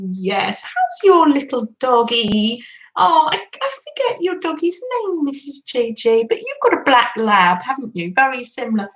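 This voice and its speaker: A woman hosting a live craft stream, chatting gently with viewers, greeting them by name and laughing softly as she works. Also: fairly high pitch, rough recording. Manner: soft frequent laughter. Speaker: craft livestream host.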